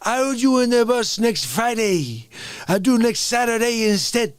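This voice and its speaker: A man's voice: very high voice, big pitch swings, a little slow, smooth, dry recording, clean studio sound, full character voice. A man voicing a brash, cocky bowler with a swaggering, taunting manner.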